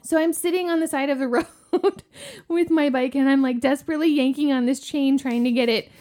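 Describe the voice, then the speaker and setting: A woman in her forties co-hosting a podcast, telling a story in a casual, animated way and acting out the quotes. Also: a little fast. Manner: animated, acts out quotes with big pitch jumps. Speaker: podcast co-host.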